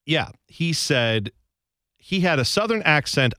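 Male radio co-host, bright tone, dry studio sound, animated jokey delivery. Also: fairly high pitch, slow pace, dry recording. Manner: joking, slips into mock accents. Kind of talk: casual sports radio banter. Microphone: studio microphone.

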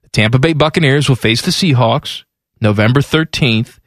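A man's voice: medium pitch, normal speed, fairly bright tone, no room sound, clean studio sound. A man co-hosting casual sports talk with a wry manner who reads news items aloud. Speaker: sports radio co-host.

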